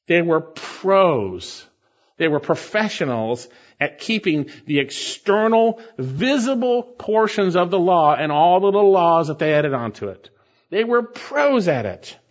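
A man preaching an expository sermon as pastor, emphatic and repeating key phrases for stress. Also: high-pitched. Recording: dull lo-fi sermon recording.

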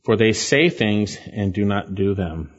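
Earnest male preacher, slow and pleading. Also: fairly low pitch, lively intonation, lo-fi sound. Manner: earnest, pleading, emphatic with slow stressed phrases. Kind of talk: sermon.

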